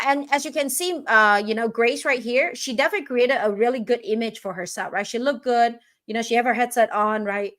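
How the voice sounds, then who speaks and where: A woman hosting a live online coaching session, talking energetically and often checking in with "right?". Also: on the high side. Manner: energetic, keeps asking "right?". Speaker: host and business owner.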